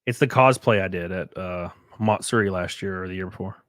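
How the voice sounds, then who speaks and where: Low-voiced man chatting on a stream. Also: a little fast, fairly bright tone, no room sound, clean studio sound. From Southern United States. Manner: rambling, jokey, reads out chat messages. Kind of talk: casual live-stream chat.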